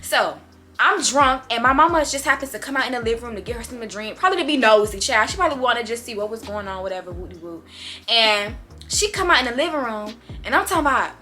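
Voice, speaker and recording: Bright high-voiced young woman storyteller. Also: fairly quick, faint music behind. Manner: animated, slangy, laughing storyteller. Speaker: vlogger. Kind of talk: casual storytime.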